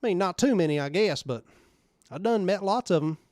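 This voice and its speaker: A man's voice: high voice, expressive, a little mellow, dry recording, studio quality. A man putting on a twangy Oklahoma hick. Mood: folksy. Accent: exaggerated Oklahoma drawl. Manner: drawling, folksy, slowed vowels.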